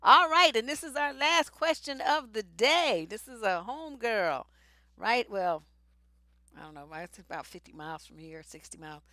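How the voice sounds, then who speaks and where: A woman's voice: fairly high pitch, animated, normal speed, sharp tone, no room sound, clean studio sound. A woman hosting a live advice stream, answering viewer questions in a blunt, sassy, no-nonsense way with plenty of slang and swearing. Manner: profane, slangy. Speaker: relationship advice host.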